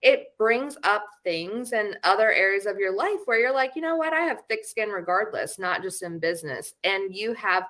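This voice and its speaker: A woman with a bright, forward voice chats animatedly as a podcast co-host. She fills her talk with "like" and breaks into laughter easily. Her pitch sits in an ordinary middle range. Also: lively intonation, normal speed, few pauses. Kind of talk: casual chat.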